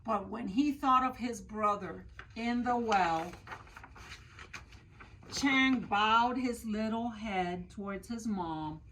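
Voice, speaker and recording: A woman library storyteller reading a picture book aloud to children, expressive and asking them questions. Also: medium pitch, slight background noise, poor audio. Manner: expressive, slow, asks listeners questions.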